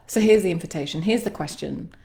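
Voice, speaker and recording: A sound healer and coach leads a livestreamed guided self-reflection, musing and halting, with sighs and laughs along the way. Her voice is fairly low, gravelly and mellow.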